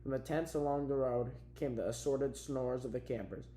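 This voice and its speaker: A man's voice: mid-range voice, normal speed, faint music behind. Man reading a novel aloud, roomy sound. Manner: steady, plain reading with small restarts. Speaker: audiobook reader. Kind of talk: amateur audiobook narration. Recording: roomy echo.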